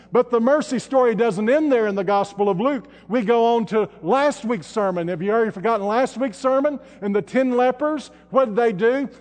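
A man preaching a sermon in a church, building to loud, shouted emphasis and then dropping to hushed, low tones. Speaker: pastor. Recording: long hall reverb.

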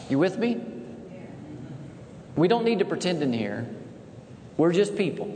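Folksy pastor preaching in an echoey hall. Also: male voice, a little high, slight background noise. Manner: folksy, animated storyteller. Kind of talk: sermon with humorous storytelling. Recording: echoey hall with faint ambience.

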